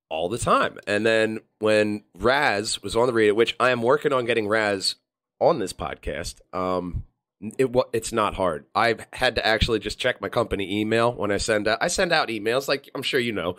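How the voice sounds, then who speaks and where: A man's voice: lowish voice, fairly bright tone. A man, hosting a podcast and telling stories in casual chat, acting out quotes in shifting voices. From Philadelphia area. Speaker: podcast host.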